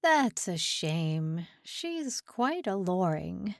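A woman's voice: lowish voice, big pitch swings, extremely slow, creaky, dry recording, clean studio sound, exaggerated voice. A woman voicing a cold, menacing young male interrogator. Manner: cold, sneering questioning.

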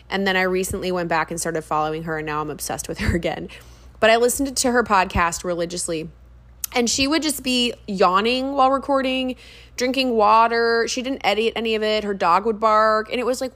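Chatty woman podcaster full of asides. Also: mid-range voice. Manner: chatty, animated, with frequent ums and asides. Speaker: podcast host. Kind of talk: casual solo podcast chat.

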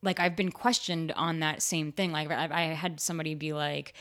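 A woman with a somewhat low voice talks in a casual interview, peppering her speech with "like". She tells stories with energy, jumping up in pitch when acting out what people said. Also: moderate pace, few pauses. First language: bilingual in Spanish. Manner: animated storyteller, acts out quoted exchanges with big pitch jumps; filler-heavy, lots of "like". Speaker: actor guest.

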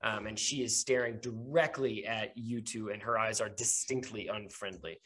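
A man narrating a tabletop game as game master, halting often on ums and uhs. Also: fairly low pitch, steady tone, a bit bright.

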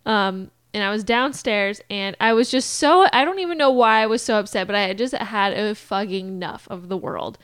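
A young adult woman co-hosting a podcast, telling a story in a casual, animated way, swearing freely and laughing often. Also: medium pitch, normal speed, few pauses, smooth, dry recording. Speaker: podcast co-host. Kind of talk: casual chat.

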